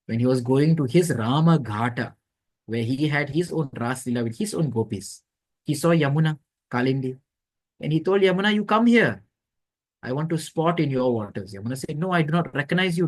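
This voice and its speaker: A man leads an online devotional class. He tells scripture stories at a middle pitch and voices the characters' lines as he goes. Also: rough recording. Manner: storytelling, acting out quoted dialogue. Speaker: lecturer. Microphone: online class audio.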